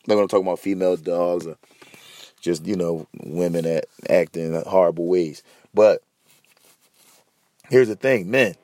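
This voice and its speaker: A man's voice: low-pitched, normal speed, pauses often, dark tone, dry recording. A man hosting a podcast in a heated, profane, repetitive rant. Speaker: podcast host.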